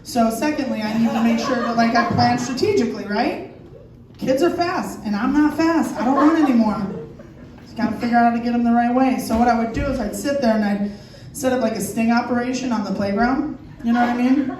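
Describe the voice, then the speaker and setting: A woman in her thirties performs crude, animated stand-up and acts out her bits in loud put-on voices. Her voice sits a little high. She is heard from a distance in a very echoey club over clear room noise. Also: fairly quick. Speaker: stand-up comedian. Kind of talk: stand-up comedy set. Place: comedy theater stage before a laughing audience.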